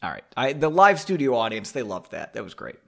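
A man's voice: mid-range voice, very animated, a little fast, vocal fry, fairly bright tone. A man reading a story aloud casually, breaking off into playful, self-mocking asides. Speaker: story reader.

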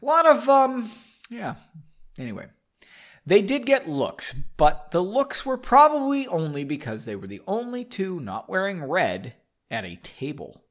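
A man's voice: high voice, wildly swooping pitch, unhurried. A man hosting a podcast, reading his own novel aloud with playful, self-mocking asides to listeners. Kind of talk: casual story reading with joking asides.

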